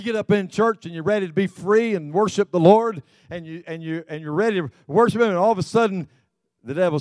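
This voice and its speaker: Fairly high-voiced man preaching a sermon. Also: brisk, a little mellow, no room sound. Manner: repetitive restarts, folksy storytelling. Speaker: pastor.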